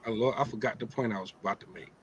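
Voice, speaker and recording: A man's voice: fairly low pitch, rapid-fire, muffled recording, a little hiss or hum. A middle-aged man hosting a casual religious talk, streetwise and joking, often asking "right?". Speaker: host of an Islamic talk show.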